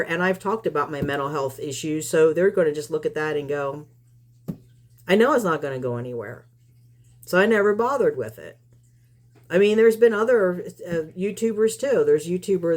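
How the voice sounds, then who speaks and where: A woman giving casual commentary on her channel, combative and rambling, with many restarts. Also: lowish voice. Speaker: YouTube commentator.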